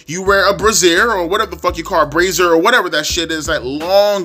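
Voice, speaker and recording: Young man, wrestling commentary rant, fairly high voice, faint music behind. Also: pushed and bright. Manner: profane, repetitive, exasperated rant. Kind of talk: ranting casual commentary.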